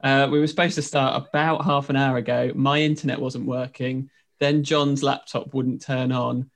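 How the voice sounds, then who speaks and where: A man's voice: medium pitch, level tone, normal speed. A man chatting on a video call with dry, understated humour. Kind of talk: casual chat on a video call.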